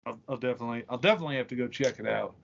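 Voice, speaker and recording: A man's voice: medium pitch, very fast, gravelly. A man co-hosting a podcast, bantering and defending himself in teasing, profane back-and-forth. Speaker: podcast co-host. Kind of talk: casual chat. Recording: dull lo-fi podcast audio.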